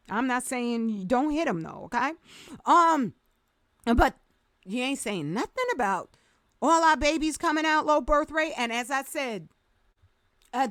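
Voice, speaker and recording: A woman with a high voice delivers an impassioned vlog rant, emphatic and sarcastic by turns. The sound is close and dry, with no room around her. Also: fairly bright tone, dry recording. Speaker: vlogger.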